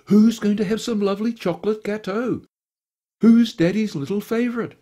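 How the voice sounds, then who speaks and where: A man's voice: high voice, normal speed, dark tone, voice pushed up. A man voicing a fussy, portly man who talks baby talk to his little dog. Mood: cooing doting. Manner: doting baby-talk cooing.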